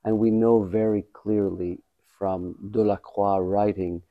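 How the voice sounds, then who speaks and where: A man in his fifties, a pianist and playwright, giving thoughtful, measured answers in an interview with many pauses. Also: on the low side, fairly even intonation, no room sound, narrow, tinny audio. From Canada. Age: 50s. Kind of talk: conversational interview.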